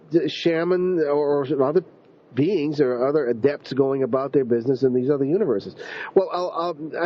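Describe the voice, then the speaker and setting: A man's voice: a little high, warm tone. Male host, casual rambling delivery, dull radio recording. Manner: rambling, with frequent ums and restarts.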